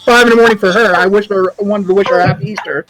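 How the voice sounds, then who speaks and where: A man's voice: high-pitched, steady tone, noisy background. A man co-hosting a podcast, telling joking stories in a casual chat. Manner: quick, joking storytelling. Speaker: podcast co-host.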